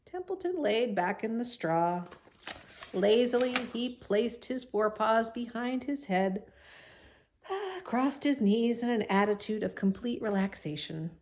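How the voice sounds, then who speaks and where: A woman reads a children's novel aloud in an expressive storytelling voice. She stops now and then for friendly asides to her young listeners. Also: fairly high pitch, slow pace, slight background noise.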